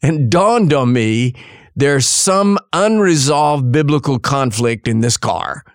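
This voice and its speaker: Storytelling male preacher, mid-pitched. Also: lively intonation, slow pace, dry recording, studio quality. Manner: storytelling, acts out quotes. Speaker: preacher and Bible teacher. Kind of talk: sermon-style Bible teaching.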